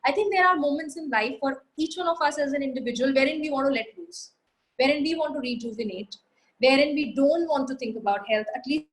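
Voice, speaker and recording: A woman in her thirties with an Indian English accent, a marketing guest answering audience questions in a brisk, confident way. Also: sits high, low-quality recording. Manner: brisk, confident, lists points. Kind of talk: live Q&A answer.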